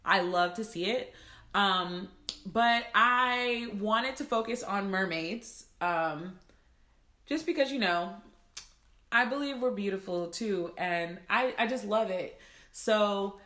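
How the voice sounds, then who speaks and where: A woman from the United States chats casually to her viewers, her voice bright and forward. She sounds emotional and proud. The room around her is echoey. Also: medium pitch, slow pace. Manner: emotional, laughing, fighting tears. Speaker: planner maker and content creator. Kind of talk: casual vlog talk to viewers.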